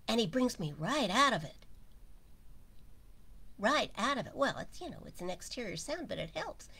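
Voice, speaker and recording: A woman giving an informal spiritual talk, speaking slowly and musing aloud, often sinking to a near whisper. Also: a little high, sing-song, vocal fry, sharp tone, slightly rough. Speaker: spiritual teacher.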